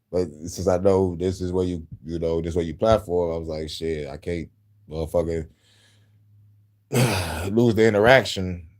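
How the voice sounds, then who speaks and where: A man's voice: sits low, dark tone. A man talking casually to his viewers, frustrated and profane, laughing often. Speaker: YouTuber.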